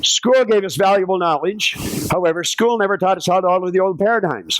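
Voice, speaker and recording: Older man, motivational keynote on stage, lively swooping pitch, fairly high voice, acted-out dialogue. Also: fast, no echo, rough recording. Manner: animated storytelling, acts out quoted dialogue, sings snatches of songs. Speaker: motivational speaker. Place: conference stage.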